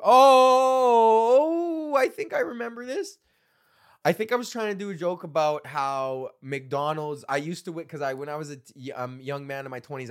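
On his solo comedy podcast, a man in his thirties with a medium-pitched voice reads out old jokes, rambling and swearing while laughing at his own material.

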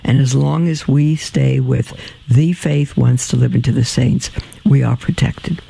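A tired man hosting a religious radio program, answering listener mail in a halting, plain-spoken way with many ums and restarts. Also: mid-range voice, steady tone, vocal fry, dark tone, husky, poor audio. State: tired and yawning. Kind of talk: religious call-in radio talk.

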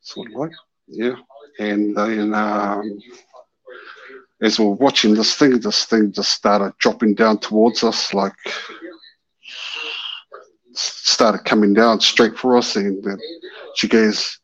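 A man's voice: on the low side, steady tone, a little slow, long pauses, fairly bright tone. A man calling in and telling a story, animatedly acting out the voices in it. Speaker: caller. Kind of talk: casual storytelling. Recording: dull lo-fi call-in audio.

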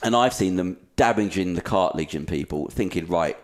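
Animated rambling guy, deep voice. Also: fairly quick. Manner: rambling and animated, swears freely. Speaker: podcast host. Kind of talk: casual chat.

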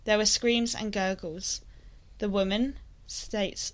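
A young woman co-hosting a true-crime podcast, chatting casually and reading passages aloud in a low, steady voice. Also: normal speed, hardly any pauses. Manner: reads passages in a low, steady voice with frequent "like" in chat. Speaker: podcast co-host.

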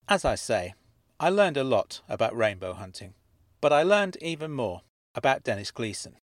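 A man tells a first-person mystery story in a calm, steady voice, lending the same plain voice to the other characters' lines. His pitch sits in the middle range for a man. The recording is close and dry, with no room sound. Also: moderate pace, no room sound. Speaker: narrator. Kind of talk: scripted audio drama narration.

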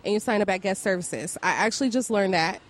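A woman's voice: mid-range voice, fast. Gushing, enthusiastic woman podcast guest. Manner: enthusiastic, laughs often, gushing. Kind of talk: casual chat.

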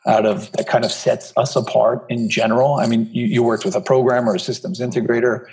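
A man's voice: medium pitch, fairly even intonation, fairly quick, a little mellow, poor audio. A man hosting a podcast interview, reading a scripted introduction and then chatting with his guest in a friendly way. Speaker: podcast host. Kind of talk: conversational interview.

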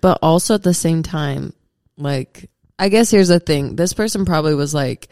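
A young woman co-hosting a podcast, chatting casually and reacting quickly. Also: low voice, animated, vocal fry, mellow, no echo, studio quality. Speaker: podcast co-host. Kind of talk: casual chat.

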